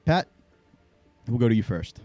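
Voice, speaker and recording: A man co-hosting a podcast, telling a story in a casual, animated way and acting out the other people in it. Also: medium pitch, normal speed, no room sound, soft background music. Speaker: podcast co-host.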